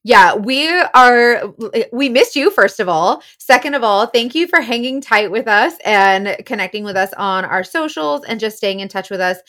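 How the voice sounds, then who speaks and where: A woman's voice: fairly high pitch, animated, a bit bright. A woman from Florida with a Southern accent, co-hosting a podcast in bubbly casual chat and laughing often. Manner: bubbly, laughs often, drawn-out filler words. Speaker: podcast co-host.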